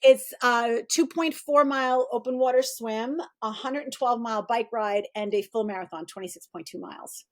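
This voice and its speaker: A middle-aged woman with a fairly high voice tells stories as a guest in a casual interview. She is animated and acts out what other people said in a higher, bouncing voice. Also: moderate pace, few pauses. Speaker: guest, performance coach.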